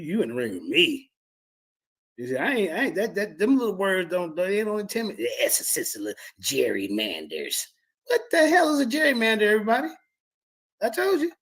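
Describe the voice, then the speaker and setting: Gravelly man shouting mocking commentary. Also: high voice. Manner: loud, mocking, shouting in disbelief. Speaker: show host. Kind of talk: mocking commentary over played clips.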